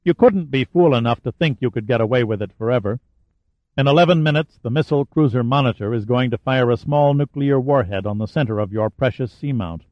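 A man voicing a tough male military hero who talks in a dry, sardonic, steady way, on a dry, slightly dull recording. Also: mid-range voice, brisk, no room sound, lightly acted. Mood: defiant.

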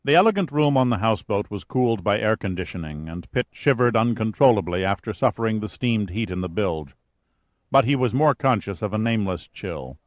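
A man narrating a thriller audiobook at a steady, measured pace. His voice is fairly low. The recording is dry and close, with a slightly dull, lo-fi tone. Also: dry recording.

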